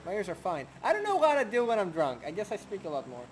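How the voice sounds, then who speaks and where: A man's voice: high-pitched, huge pitch swings, fast talker, a little hiss or hum. A young man in casual, joking banter while playing an online game with a friend. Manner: joking, bantering, bossy at times. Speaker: gamer. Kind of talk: casual gaming chat.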